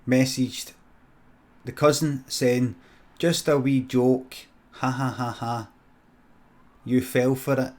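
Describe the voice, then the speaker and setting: Scottish male comic, mid-pitched, deadpan improv storyteller, swears freely, mutters asides. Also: slow pace, pauses often. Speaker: comedian streamer.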